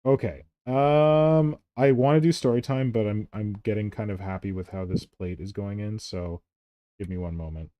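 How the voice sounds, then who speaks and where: A man's voice: lowish voice, moderate pace, dry recording, dull audio. A man hosting a casual hobby painting stream, chatty and playful with his co-hosts. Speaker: streamer host.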